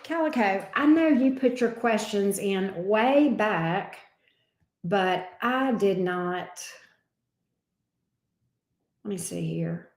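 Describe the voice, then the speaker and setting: A woman's voice: mid-range voice, takes it slowly, pauses often, echoey room. A woman giving tarot readings on a livestream, casual and affectionate, calling her viewers babe and sweetie and swearing lightly. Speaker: tarot reader.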